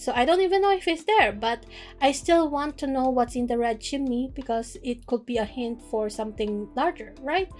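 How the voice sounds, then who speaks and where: A woman casually recapping chapters of a novel in a playful, slangy way, quoting the characters in quick asides. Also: on the high side. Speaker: book reader and recapper.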